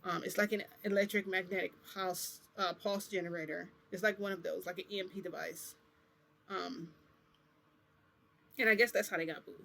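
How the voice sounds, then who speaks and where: A woman's voice: fairly low pitch, steady tone, moderate pace, gravelly, fairly bright tone. A woman vlogger casually telling a long personal story, rambling, with lots of "like" and restarts that correct herself. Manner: rambling, full of "like" and self-corrections.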